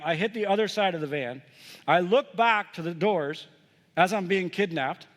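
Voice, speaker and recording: Self-mocking preacher in a reverberant church. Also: male voice, on the high side. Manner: lively, self-mocking, addresses the congregation directly. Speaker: pastor. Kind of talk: sermon with personal storytelling. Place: church sanctuary.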